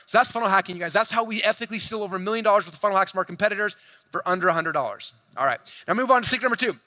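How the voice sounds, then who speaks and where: A man on stage giving a sales talk to a big crowd. He speaks fast and with lots of energy, in a high voice that stays close and dry even though he is in a large hall. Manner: energetic, playful, addresses audience directly.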